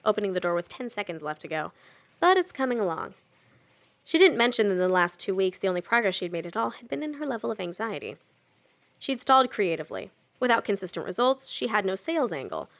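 Gravelly woman reading a story. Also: mid-range voice, fairly bright tone. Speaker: audiobook narrator. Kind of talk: scripted narration.

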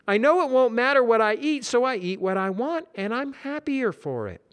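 A man's voice: very high voice, sing-song, moderate pace, fairly bright tone, clean tone, voice pushed up, exaggerated voice. A man voicing Brad, a chatty, easygoing heavyset coworker with a casual, folksy way of talking. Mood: advising.

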